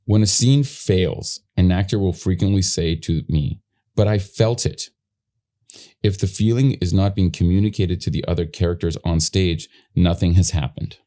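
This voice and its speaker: A man hosting a podcast, talking casually about acting technique in a blunt, animated, teasing way with the odd swear word. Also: low-pitched, normal speed, hardly any pauses. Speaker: podcast host.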